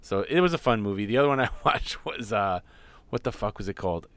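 Podcast dude, cussing a lot, lowish voice, super dry sound. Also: male voice, quick pace, dry recording. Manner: profane, animated storyteller. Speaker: podcast co-host. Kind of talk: casual chat.

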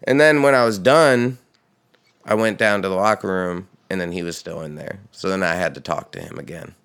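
A man hosting a casual podcast chat, a profane, animated storyteller who laughs often. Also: low-pitched, brisk, clear, resonant tone. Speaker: podcast host and touring musician.

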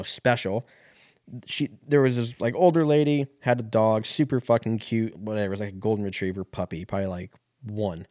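A man's voice: lowish voice, a little mellow. A man delivering a heated, rambling comedic rant full of swearing as a solo podcast host.

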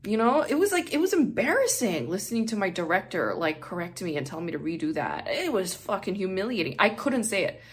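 A woman's voice: mid-range voice, very animated, a little fast, hardly any pauses, slight background noise. A woman hosting a podcast who chats casually and candidly, swearing freely and laughing often; English is her second language. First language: not English. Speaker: podcast host.

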